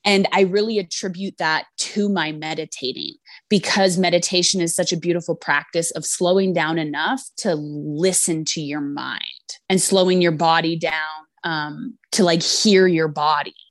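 A woman's voice: lowish voice, steady tone, normal speed, dry recording, studio quality. A woman co-hosting a podcast, talking in a reflective, earnest and loosely phrased way in casual chat. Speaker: podcast co-host.

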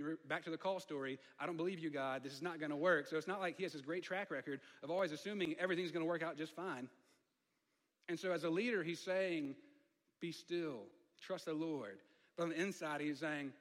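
A man's voice: a little high, long reverb tail. A man preaching a sermon as pastor, talking conversationally and building to emphatic fervor.

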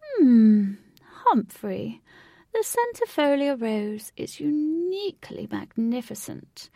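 A woman voicing an elderly lady who speaks slowly and precisely, humming before she talks. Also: high-pitched, sing-song, warm tone, dry recording, clean studio sound, recorded from a distance, pitched above the performer's own voice, full character voice. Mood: admiring. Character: elderly woman admiring roses, fond and slow.

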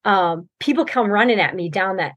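A woman's voice: mid-range voice, expressive, moderate pace, fairly bright tone, dry recording. A woman guest on a podcast, recounting a race in loose, rambling talk and laughing often. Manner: rambling storytelling, laughs often, many fillers. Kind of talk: casual interview chat.

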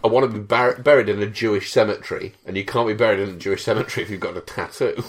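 A man's voice: lowish voice, steady tone, racing. A man co-hosting a podcast, casually riffing and joking with his partner. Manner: jokey, riffs on his partner's stories. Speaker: podcast co-host. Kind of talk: casual comedic chat.

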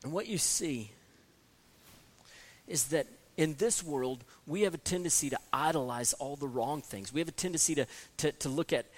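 A man's voice: a little high, normal speed. A man preaching an expository sermon, earnest, often repeating words as he restarts and rising to emphatic peaks. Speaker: pastor.

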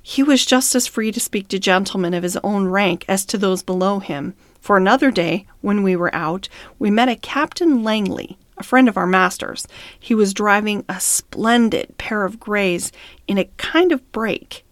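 A woman's voice: mid-range voice, normal speed, dry recording. Woman narrating a classic novel, dry. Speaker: audiobook narrator.

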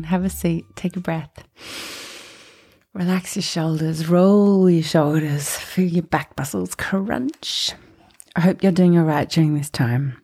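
A woman's voice: low voice, dark tone. A woman teaching singing on a podcast, playful and encouraging, dropping into sung demonstrations. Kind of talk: podcast vocal lesson.

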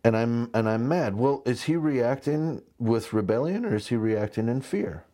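A man in his thirties preaching a conversational sermon, telling stories with lively asides. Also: medium pitch, moderate pace. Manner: conversational, animated storytelling with asides. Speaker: pastor.

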